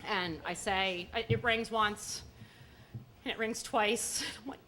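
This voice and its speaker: A middle-aged woman telling a comic story on stage in an animated, high-strung way. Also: unhurried, a little hiss or hum. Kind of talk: live storytelling performance. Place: live stage at a story slam.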